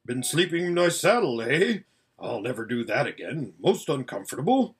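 Male narrator doing a proud, grumbling storybook warhorse, husky and condescending. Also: medium pitch, very animated, moderate pace, exaggerated voice. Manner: gruff, lazy, condescending.

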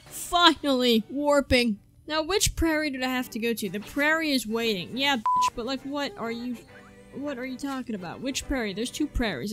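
High, lively young woman playing a game. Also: moderate pace. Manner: excitable, swears freely, reads game text aloud. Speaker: gaming channel host. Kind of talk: let's-play commentary. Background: faint game music.

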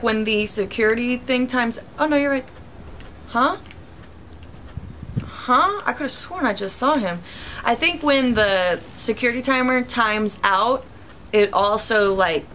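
Young woman let's-player, chatty and excitable, crisp bright voice, faint background noise. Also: a little high. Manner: chatty and reactive, talks to viewers, sudden yelps. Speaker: gaming YouTuber. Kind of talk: casual let's-play commentary.

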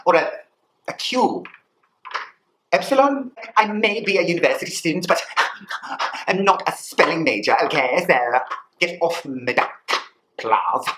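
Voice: mid-range voice, animated, a little slow, pauses often, a bit bright. A performer in a rambling comic monologue, full of "like" and "you know" fillers, playing it mock-silly. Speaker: comedy vlogger.

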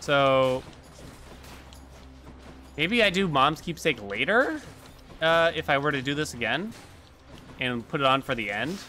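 Male streamer, casual running commentary, bright tone, game music underneath. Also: on the high side, lively intonation, a little slow, long pauses. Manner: chatty, reacts aloud to the game.

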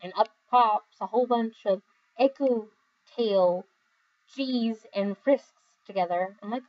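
Tired, giggly young woman chatting slowly. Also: on the high side, dull audio. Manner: giggly, rambling, with many fillers. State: overly tired. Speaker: video creator reading comments. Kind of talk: casual chat.

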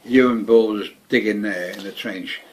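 A man's voice: fairly low pitch, normal speed, a little hiss or hum. Older man, swearing as he reminisces. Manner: swears constantly, rambling and repeating. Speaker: veteran interviewee. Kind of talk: casual reminiscing. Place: home.

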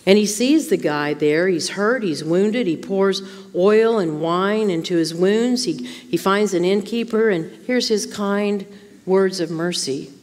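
A woman's voice: mid-range voice, unhurried, a little mellow, in a large hall. A woman Bible teacher speaking to a women's conference in an informal sermon style, often asking rhetorical questions. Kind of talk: conversational sermon. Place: church.

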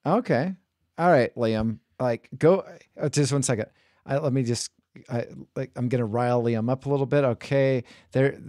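A man's voice: mid-range voice, moderate pace, darkish tone, no echo, clean studio sound. A man hosting a podcast in a playful, chatty way, steering the discussion with frequent stumbling restarts. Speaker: podcast host.

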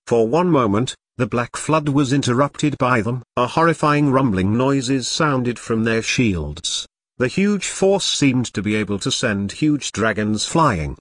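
A man narrates a translated fantasy web novel in an even storytelling manner. His pitch sits in the middle of the range and moves a lot from line to line. The recording is dry and close, with no room sound. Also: a little slow, dry recording. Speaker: audiobook narrator.

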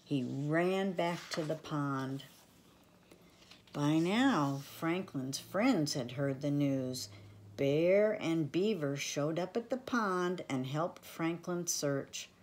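An older woman reads a children's picture book aloud with gentle affection. Her voice is low and she reads unhurriedly. She sounds like a grandmother talking to small listeners. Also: slow. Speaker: storyteller for children. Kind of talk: reading a children's storybook aloud.

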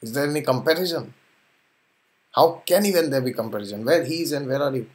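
A man voicing an angry, hot-tempered warrior prince in a scripture tale, threatening slowly and emphatically. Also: mid-range voice, animated, close to an everyday voice. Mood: furious.

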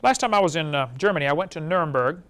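A man with a fairly high voice delivers a lecture to a live audience. He keeps things animated, often turning to the listeners with rhetorical questions. His pitch sits toward the top of the male range. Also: quick pace. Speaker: creation seminar speaker.

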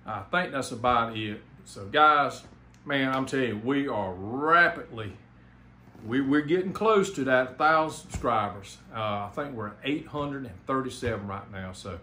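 A man from South Carolina with a Southern accent speaks in an expressive, sharp, mid-range voice at a measured pace. As a home theater YouTuber, he gives a rambling, enthusiastic channel update full of fillers and restarts, recorded in an echoey room with faint background noise.

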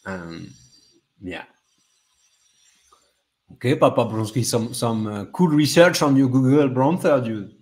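A man's voice: mid-range voice, takes it slowly, pauses often, darkish tone. A young man who is not a native English speaker hosting a casual livestream, hyping people up and repeating himself with lots of fillers. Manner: hyped, repetitive, lots of fillers. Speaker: livestream host.

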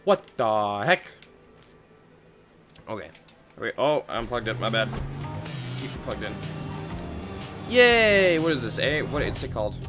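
A man chatting excitedly to his viewers while he plays a game, with game sounds and music behind him. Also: medium pitch, brisk. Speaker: gaming streamer. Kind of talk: casual let's-play commentary.

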